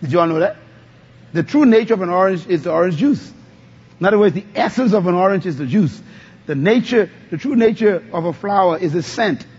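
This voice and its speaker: A man's voice: high-pitched, animated, fairly quick, a little mellow, husky. A male pastor preaching a sermon, calling on the congregation to answer back. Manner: call-and-response preaching, asks the congregation to answer. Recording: dull lo-fi sound.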